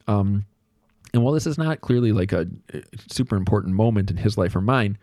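A man's voice: lowish voice, mellow, no room sound, clean studio sound. A man in his thirties hosting a solo podcast, telling a story from home life in a conversational, self-deprecating way with asides. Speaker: podcast host.

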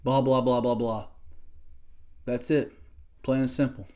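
Man, podcast host, angry profane rant, loud then muttering, small home studio. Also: medium pitch, level tone, a little slow, clear, resonant tone.

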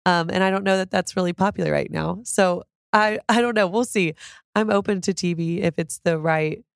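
Her voice is on the low side and creaky, moving at a moderate pace, captured with studio quality and no echo. She's a food creator in her thirties being interviewed on a podcast, talking earnestly and warmly with fillers, an open manner, and moments of emotion.

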